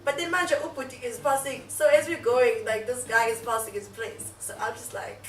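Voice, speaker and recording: A woman's voice: on the high side, fairly even intonation, moderate pace, recorded from a distance, a little hiss or hum. A young South African woman with a South African accent, telling a story in casual chat, full of fillers and laughs. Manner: chatty, frequent fillers and laughs. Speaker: YouTuber. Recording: echoey room, off-mic, faint music.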